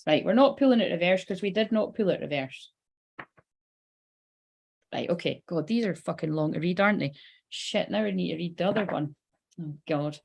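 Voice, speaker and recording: A woman's voice: lowish voice, normal speed, vocal fry, pauses often, slightly rough. A Scottish woman giving a casual live tarot reading, chatty and swearing freely. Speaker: psychic tarot reader.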